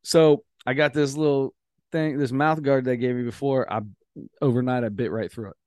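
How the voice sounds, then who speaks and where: A man's voice: mid-range voice, fairly even intonation, normal speed, darkish tone, clean tone, dry recording, studio quality. A man co-hosting a podcast, telling rambling stories in casual chat and laughing as he goes. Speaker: podcast co-host.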